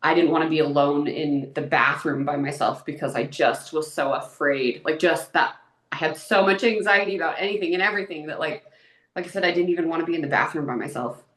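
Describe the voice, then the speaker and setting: A woman's voice: low-pitched, a little fast, a bit bright, echoey room. A woman in her thirties, a guest in an interview, talking openly and emotionally in a chatty way. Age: 30s. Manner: open and emotional, chatty with many "like"s. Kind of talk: candid personal interview.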